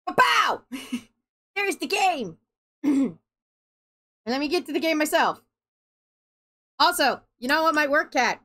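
A woman's voice: high-pitched, a bit bright. A woman chatting casually on a game stream, goofy and rambling, swearing as she goes. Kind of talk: casual live-stream chat.

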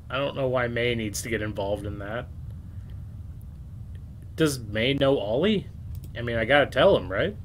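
A man's voice: mid-range voice, animated, moderate pace, long pauses, slight background noise. A man giving let's-play commentary, rambling and self-mocking as he reads messages aloud and swears casually. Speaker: game streamer.

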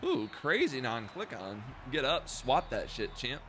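A young man giving loud, profane, self-mocking commentary while streaming a football video game. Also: mid-range voice, sing-song, a little slow, noisy background. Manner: profane, self-mocking trash talk with sudden outbursts. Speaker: gaming streamer. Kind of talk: live gameplay commentary.

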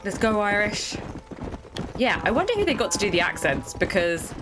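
A woman's voice: medium pitch, very animated, normal speed, music in the background. A young woman giving casual, playful commentary while she plays a game. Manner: chatty and playful, laughing often. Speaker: gaming streamer. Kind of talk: casual Let's Play commentary.

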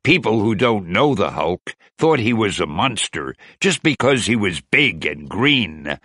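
A man reading a children's picture book aloud in a gentle, expressive way. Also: lowish voice, unhurried, dry recording, studio quality. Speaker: children's storybook reader. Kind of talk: read-aloud storytelling.

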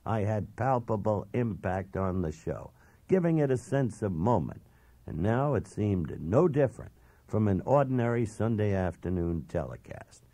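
A man's voice: lowish voice, very animated, moderate pace, dark tone, no room sound. A man narrating a first-person memoir audiobook in a blunt, self-assured, emphatic way.

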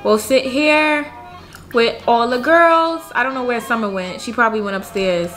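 A woman's voice: a little high, normal speed, a bit bright, soft background music. A woman casually commenting on her life-sim game in a chatty, slangy, giggly way. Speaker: gaming youtuber. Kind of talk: casual let's-play commentary.

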